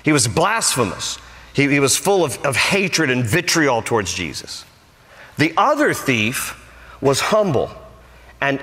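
A man preaching a sermon as pastor, emphatic and animated, repeating short lines for stress. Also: on the high side. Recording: long hall reverb.

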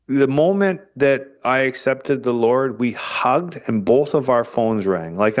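A man earnestly recounting a life-changing experience as an interview guest, halting and restarting as he goes. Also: medium pitch. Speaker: guest sharing his testimony. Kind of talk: emotional storytelling.

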